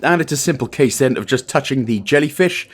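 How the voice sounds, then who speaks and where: A man's voice: medium pitch, animated, fairly quick. A man from Wales hosting a casual game walkthrough, chatty and self-deprecating, with jokey asides. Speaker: gaming guide host.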